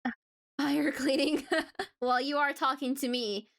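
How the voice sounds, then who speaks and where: Giggly high-voiced woman streamer. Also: fairly even intonation, a little slow, creaky, fairly bright tone. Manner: giggly, stammering restarts. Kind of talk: casual live-stream chat while drawing.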